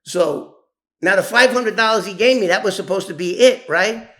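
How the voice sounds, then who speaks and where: Animated New man telling a story. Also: high voice, normal speed. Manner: animated, acts out quoted voices, many restarts. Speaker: former mob associate telling his story. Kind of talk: casual spoken storytelling.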